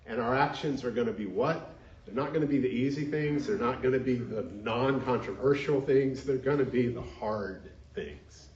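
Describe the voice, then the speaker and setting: A man's voice: medium pitch, moderate pace, a little mellow. A male minister preaching a sermon in an earnest way, leading the congregation in call-and-response. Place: church sanctuary. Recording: dull echoey sanctuary recording.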